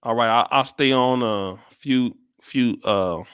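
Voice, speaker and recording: A man's voice: mid-range voice, slow pace, fairly bright tone, smooth, no echo, clean studio sound. An American man giving blunt, profane commentary on a live stream, with many restarts. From United States. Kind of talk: casual livestream commentary.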